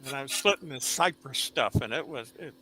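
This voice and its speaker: A man telling a long injury story in casual live-stream chat, in a slow, drawn-out way. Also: mid-range voice, animated, bright, forceful tone, slight background noise.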